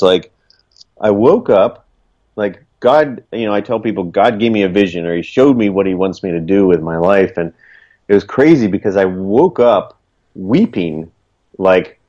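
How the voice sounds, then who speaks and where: A man with a lowish voice tells his story in a loose, earnest ramble, leaning on fillers as he goes. The recording sounds dull and lo-fi. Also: mellow. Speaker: guest, small business owner. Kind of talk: casual storytelling.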